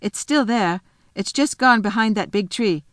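A woman reading a storybook voices the eldest boy, a steady leader who takes charge. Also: mid-range voice, measured pace, no echo, clean studio sound, lightly acted. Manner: decisive, taking charge.

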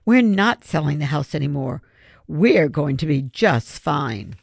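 Reader voicing a sighing earnest dad, gravelly edge, dry close sound. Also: medium pitch, expressive, a little slow, no echo. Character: worried father with an invention.

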